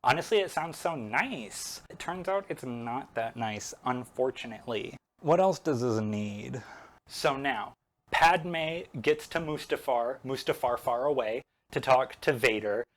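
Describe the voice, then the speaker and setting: A man's voice: medium pitch, animated, measured pace. A man vlogging while he paints, recapping a film in a sarcastic, rambling way full of "like".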